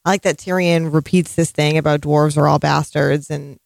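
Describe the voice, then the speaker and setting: A woman's voice: low voice, fairly even intonation, moderate pace, creaky, darkish tone, dry recording. Sarcastic woman co-hosting a podcast. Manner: dry, sarcastic and bored-sounding. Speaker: podcast co-host. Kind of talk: casual chat.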